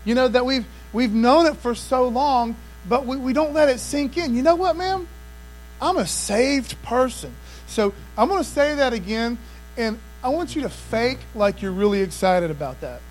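High-voiced emphatic preacher man. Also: animated, normal speed, slight background noise, low-quality recording. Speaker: pastor. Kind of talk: sermon.

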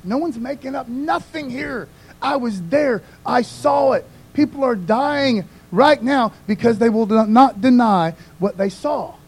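A preacher doing an insistent Peter who pushes his voice up high and pleads hard to be heard. He sounds urgent and emphatic, like a man who will not be doubted. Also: unhurried, slightly rough, full character voice. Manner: pleading, emphatic, rising pitch.

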